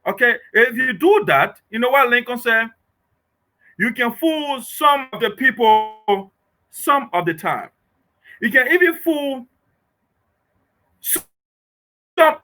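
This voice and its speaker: High-voiced man, impassioned commentary. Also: pushed and bright. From Liberia. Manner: emphatic, rhetorical, repeating "okay?". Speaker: political commentator.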